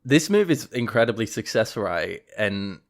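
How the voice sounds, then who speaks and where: A man's voice: on the low side, very animated, moderate pace. A man co-hosting a podcast, chatting casually about a film, rambling with fillers and restarts. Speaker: podcast co-host.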